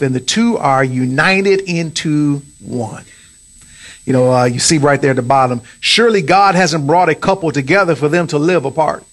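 A man delivering a sermon on marriage. His voice sits a little high for a man, and he pushes his pitch up on the points he wants to stress. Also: a bit bright. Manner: emphatic preaching, rising pitch on key points. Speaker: pastor.

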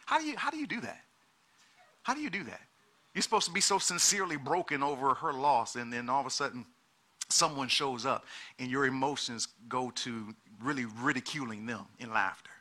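A man preaching a sermon in an animated way, repeating words and acting out the people he quotes. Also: mid-range voice, fairly quick.

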